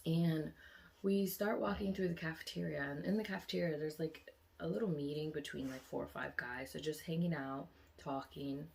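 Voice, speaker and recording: A woman vlogger telling a story casually and animatedly, with many fillers, rising loud and high when excited. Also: creaky.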